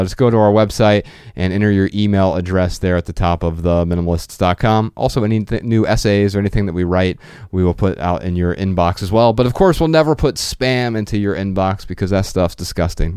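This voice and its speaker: Male podcast host, upbeat and joking, smooth voice, dry close sound. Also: low voice, fast, mellow, dry recording. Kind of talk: casual podcast chat and announcements.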